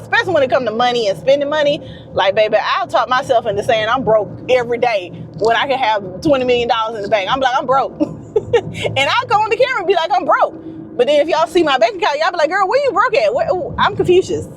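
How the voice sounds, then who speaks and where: A woman vlogging casually from a car, talking to her viewers. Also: on the high side. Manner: chatty, animated, talks to viewers as y'all. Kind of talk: casual chat to camera. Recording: road noise in a car. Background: vehicle noise.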